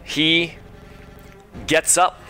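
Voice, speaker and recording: A man playing a tabletop game, describing his character in a casual, halting way. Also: a little high, level tone, sharp tone. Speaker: player.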